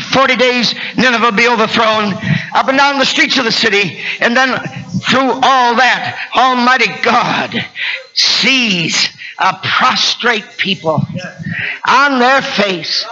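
A man preaching a fiery sermon, swinging from low asides to high shouted climaxes and calling out to people in the congregation. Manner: calls out to listeners in the congregation. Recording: dull lo-fi recording with faint noise.

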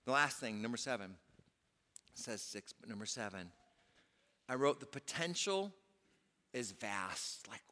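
Male pastor, casual sermon delivery, bright, forceful tone, big reverberant hall. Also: mid-range voice, lively intonation, measured pace, long pauses. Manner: conversational preaching, with frequent "you know" fillers. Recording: long reverb of a large hall.

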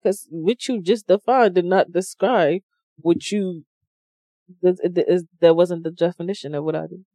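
Soft-spoken woman, dry close sound. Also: fairly low pitch, moderate pace, no room sound. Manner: soft-spoken, calm, defensive. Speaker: podcast co-host. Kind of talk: casual argumentative chat.

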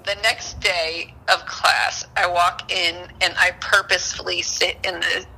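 A middle-aged woman telling a personal story in casual chat, animated, dropping to whispers and laughing as she goes. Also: lowish voice, measured pace, gravelly, breathy edge, rough recording.

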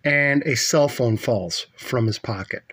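A man's voice: mid-range voice, unhurried, fairly bright tone. A middle-aged man casually retelling a movie plot, rambling and swearing a lot, with plenty of fillers. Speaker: movie recapper.

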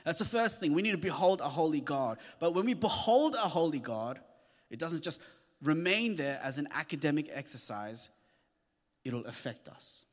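A man's voice: a little high, very animated, normal speed. A man preaching a sermon, earnest and rising to emphatic peaks. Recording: long hall reverb.

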